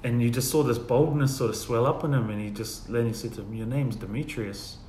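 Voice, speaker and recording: A man shares church testimonies in a relaxed storytelling way and dips quietly into the voices of the people in his story. The room sounds echoey, with a faint hum of ambient noise behind him. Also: mid-range voice, fast. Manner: storytelling, acts out quoted dialogue softly. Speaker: guest sharing testimonies. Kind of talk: casual church testimony chat.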